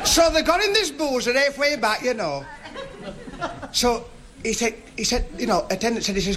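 Chuckling Northern English comedian, high lively voice. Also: male voice, a little fast. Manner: rambling, chuckling storyteller with broad dialect. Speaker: stand-up comedian. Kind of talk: stand-up joke telling. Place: live stage before an audience. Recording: noisy live recording with crowd. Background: audience laughter.

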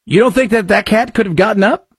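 Husky male radio talk host. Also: high voice, no room sound, studio quality. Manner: rambling, conversational, quick ad patter. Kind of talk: radio talk commentary and live ad reads.

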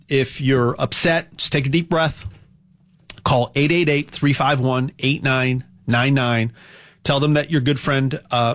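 A man hosting a casual promotional monologue, rambling and animated, stumbling over frequent restarts as he urges listeners to buy gold. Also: medium pitch. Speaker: host pitching gold buying.

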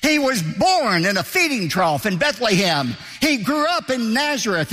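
A man's voice: high voice, bright, forceful tone, big-room sound. A man preaching a sermon as pastor, emphatic, asking rhetorical questions and hammering points home with repetition.

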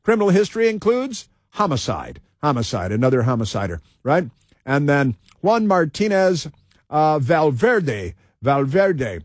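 A man's voice: on the high side, sing-song, unhurried, dry recording, studio quality. A man hosting a talk radio show, reading off a list with sarcastic, combative asides and frequent fillers.

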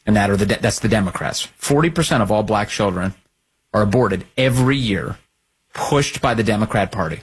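A man hosting a political talk show, giving combative, sarcastic commentary with a husky voice. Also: on the low side, a little fast. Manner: combative, sarcastic, lively intonation. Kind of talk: opinionated commentary.

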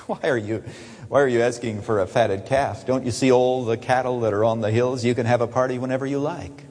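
A man preaching a sermon with animated delivery, swinging from soaring emphasis to hushed, low asides. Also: normal speed. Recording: long echo of a large hall.

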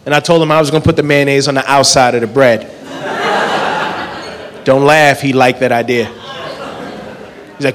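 A man's voice: mid-range voice, steady tone, moderate pace, long pauses, noisy background. A man performing a stand-up set in a comedy club, telling absurd stories in a laid-back way and acting out both sides of the dialogue. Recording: live venue with long reverb.

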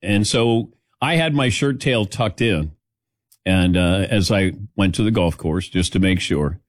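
A man hosting a sports talk show, telling stories in a rambling, animated way and acting out what others said. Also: low voice, measured pace, no room sound, studio quality. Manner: rambling, animated storytelling with mimicked quotes. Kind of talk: casual sports talk chat.

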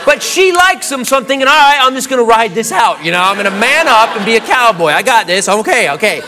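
A male stand-up comic with a high, lively voice that jumps around as he acts out the story. Loud crowd laughter and noise fill the club behind him. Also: fast talker. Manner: animated storytelling with voiced quotes. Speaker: stand-up comedian. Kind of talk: stand-up comedy routine. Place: comedy club stage with audience.

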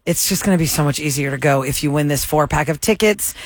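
A man's voice: a little high, fast, no echo, studio quality. Upbeat man hosting morning radio. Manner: upbeat, chatty, reads promos. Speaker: radio show host. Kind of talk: morning radio talk and announcements. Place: radio studio.

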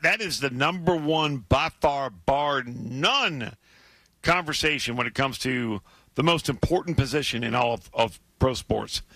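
A man co-hosts a sports radio show while losing his voice, so he sounds hoarse. His tone is bright and forceful, his delivery emphatic, with stumbles and repeated words. The sound is dry and close. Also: mid-range voice, no room sound.

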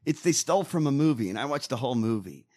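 A man co-hosting a casual podcast, ranting and swearing in animated bursts. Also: medium pitch, quick pace. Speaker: co-host.

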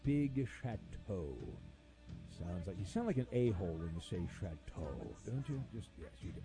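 A man's voice: sits low, lively intonation, fairly quick, over music. A man hosting a sports radio show, reading out listener messages with sarcastic, rambling jokes. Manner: sarcastic, jokey, rambling asides.

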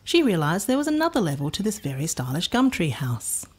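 A woman reads a children's storybook aloud with expressive, playful narration. Her voice is a little low with a breathy, husky grain. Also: a little fast.

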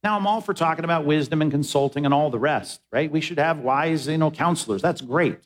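Male pastor, sermon delivery, emphatic and insistent, slightly high-pitched. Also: fairly quick. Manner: emphatic, repeats words when pressing a point.

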